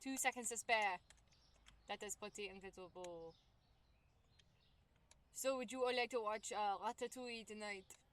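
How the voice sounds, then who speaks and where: A woman's voice: mid-range voice, moderate pace, pauses often, fairly bright tone. A young woman streaming a game, chatting casually and cheerfully with her viewers while she plays. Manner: chatty, bubbly, talks to chat while playing. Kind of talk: casual livestream chat. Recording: game music clearly behind the voice. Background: game music.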